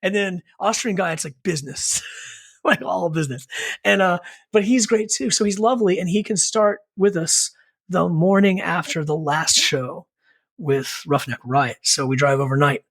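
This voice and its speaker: A man's voice: high-pitched, normal speed, a bit bright. A middle-aged man, a punk band singer who is a podcast guest, telling a long rambling story in casual chat, with many fillers and asides. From Richmond, Virginia, US.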